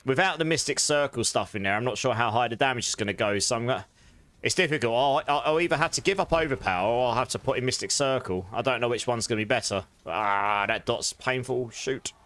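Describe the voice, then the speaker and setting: A man's voice: medium pitch, fast talker, a bit bright. A man streaming a game live, chatting casually with viewers and laughing often. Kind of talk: casual live stream chat while gaming.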